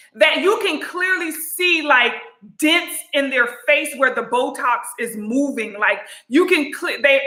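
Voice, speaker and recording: A woman's voice: high voice, bright, forceful tone, roomy sound. A woman vlogger in casual chat to camera, sassy and chatty, calling viewers honey and you guys. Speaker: beauty and lifestyle vlogger.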